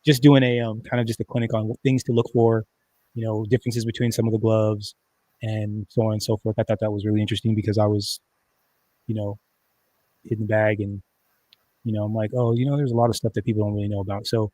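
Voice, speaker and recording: A man's voice: fairly low pitch, level tone, fast talker, mellow. A man hosting a casual livestream, talking in a rambling, conversational way with many restarts and fillers. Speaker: livestream host.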